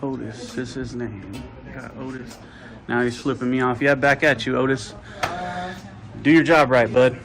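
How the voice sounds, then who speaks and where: A man's voice: mid-range voice, fairly even intonation, measured pace, over music, rough recording. A man talking to his own camera, indignant and complaining as he films a dispute. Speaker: video-recording visitor. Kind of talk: self-narrated confrontation vlog.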